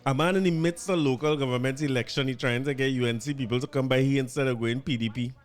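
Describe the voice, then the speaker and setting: A man's voice: medium pitch, steady tone, fast. A Trinidadian man hosting a podcast, chatting casually and wryly about politics and cricket, laughing now and then. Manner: chatty, wry, laughs while reading out quotes. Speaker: podcast host. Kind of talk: casual commentary.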